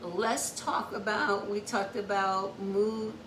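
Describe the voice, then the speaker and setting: A woman's voice: mid-range voice, steady tone, takes it slowly, noisy background. A woman hosting an informal educational talk, explaining step by step, repeating her points and checking in with "okay?". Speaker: host. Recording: echoey room, far from the mic.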